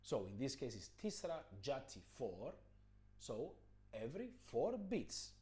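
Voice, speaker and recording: Patient man with a lively voice. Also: a little slow. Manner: patient, explanatory, chants rhythm syllables loudly and high. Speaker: music teacher. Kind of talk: rhythm lesson with spoken counting syllables.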